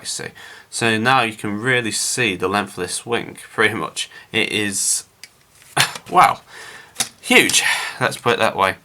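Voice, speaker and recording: A man's voice: on the low side, bright, forceful tone. A man casually narrating his scale model build to viewers, chatty and rambling with frequent filler words.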